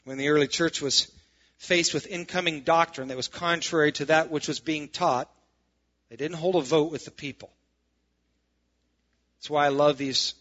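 A man's voice: a little high, fairly bright tone, muffled recording. A man preaching as a pastor, reading scripture aloud and adding sarcastic, emphatic asides. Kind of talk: sermon.

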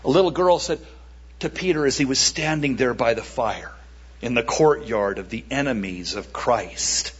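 A man preaching a sermon in a church service and giving an altar call, speaking emphatically with dramatic pauses and repeated words. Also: medium pitch, expressive, breathy edge, muffled recording.

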